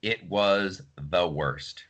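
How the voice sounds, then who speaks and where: A man's voice: low-pitched, extremely slow, fairly bright tone, highs cut off. A man telling a story in casual podcast chat, acting out other people's lines. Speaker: podcast host.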